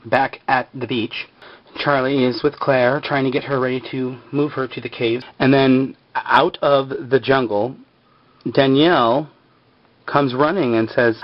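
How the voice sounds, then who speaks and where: A man's voice: mid-range voice, steady tone, a little slow, no echo. A man casually retelling a TV episode, rambling with lots of filler words. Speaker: episode recapper. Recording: slightly muffled lo-fi recording.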